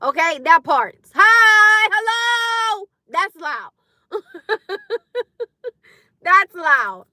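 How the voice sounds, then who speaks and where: A woman chatting loudly and bluntly on a live stream from inside her car, laughing often. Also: sits high, big pitch swings, drawn-out words, long pauses, no echo, studio quality. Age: adult with a school-age son. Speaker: livestreamer. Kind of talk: casual live-stream chat.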